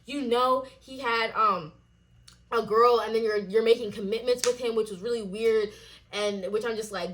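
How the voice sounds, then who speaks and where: A young woman telling a storytime vlog as a casual rant, swearing and acting out quoted lines in a higher voice. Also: moderate pace, fairly bright tone, slight background noise. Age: young adult.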